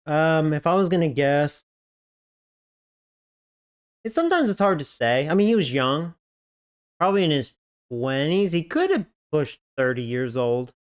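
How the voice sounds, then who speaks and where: A man telling a story on a game stream, slow and unhurried. His voice is smooth and clear. He rambles and swears freely, filling his talk with "like" and breaking into laughter. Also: a little high, expressive. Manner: profane, rambling, full of "like" fillers. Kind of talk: casual storytelling chat.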